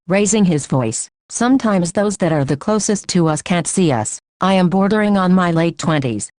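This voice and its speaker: Female narrator, lowish pitch, steady first-person novel reading, dry close sound. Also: no echo. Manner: steady and even, reads prompts aloud.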